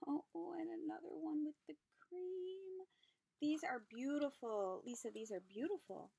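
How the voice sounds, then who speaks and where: A woman hosting a craft vlog, unboxing handmade gifts and gushing over each one with gasps and soft whispered asides. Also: extremely high pitch, expressive, normal speed, gravelly, no echo. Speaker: craft channel host. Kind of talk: unboxing craft mail, casual chat.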